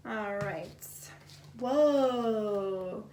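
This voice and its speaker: A woman's voice: mid-range voice, extremely slow, dark tone, slight background noise. A woman giving a casual pick-a-card tarot reading, chatty and blunt, swearing freely and filling her talk with "like.". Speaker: tarot reader. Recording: echoey room, voice a bit far from the mic.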